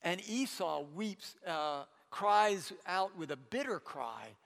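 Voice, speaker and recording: High-voiced man preaching in a reverberant hall. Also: takes it slowly, vocal fry. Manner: conversational, stammering restarts, animated quoting. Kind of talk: sermon retelling a Bible story.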